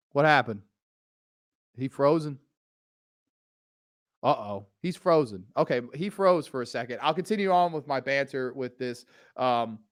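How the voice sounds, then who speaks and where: Excitable man with a high, dry voice. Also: no room sound. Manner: excitable, gushing, swears freely. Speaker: podcast host. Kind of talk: casual chat.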